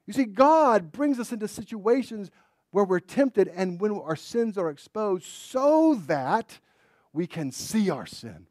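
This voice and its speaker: A man preaching a sermon in a dramatic way, dropping to a hush and then rising to loud emphasis. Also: high voice, sing-song, takes it slowly, dry recording, clean studio sound.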